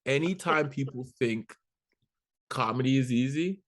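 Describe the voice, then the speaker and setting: Animated man telling a comedy story. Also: medium pitch, a little slow. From Canada. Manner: animated, acts out quoted voices, swears casually. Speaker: guest comedian. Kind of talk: storytelling in casual interview.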